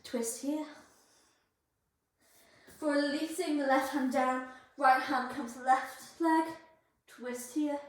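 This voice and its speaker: A high-voiced woman guiding a yoga flow, cueing each pose and breath with encouragement. She is out of breath from the effort. Her voice rings through a very echoey room, picked up from a distance. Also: steady tone, takes it slowly. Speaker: yoga instructor. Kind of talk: guided yoga class instruction.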